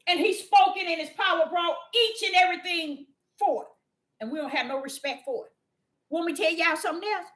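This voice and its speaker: A woman preaching an impassioned sermon in a fervent, scolding manner that rises to shouting. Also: high-pitched. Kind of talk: impassioned street-style sermon.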